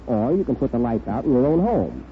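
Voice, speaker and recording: A man's voice: mid-range voice, wildly swooping pitch, a little fast. A man hosting a 1930s radio comedy show, with dry, wisecracking delivery and a voice that rises and falls freely. It sounds thin and phone-like, with faint hiss behind. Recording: tinny, hissy 1930s radio broadcast.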